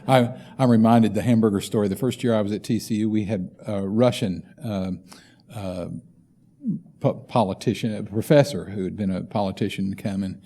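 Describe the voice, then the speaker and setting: Low, mellow-voiced man at a panel. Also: steady tone, normal speed.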